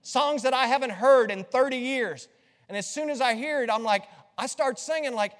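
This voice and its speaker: Lively and playful, a middle-aged pastor with a distinctly high voice keeps his congregation on their toes with jokes and rhetorical questions, speaking at a normal speed. The hall around him adds a long, resonant reverb.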